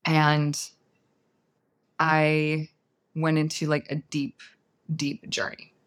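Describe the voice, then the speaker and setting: A woman, a guest on an interview show, telling a personal story in a soft, unhurried, earnest way. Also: deep voice, completely flat delivery.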